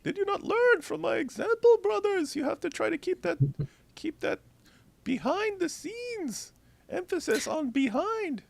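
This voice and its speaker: A scolding male religious figure, put on by a man, talking down to his followers in a mocking, sing-song way. The voice jumps far above a normal speaking pitch. Every line comes out mock-solemn and teasing. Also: big pitch swings, unhurried, gravelly, heavily acted.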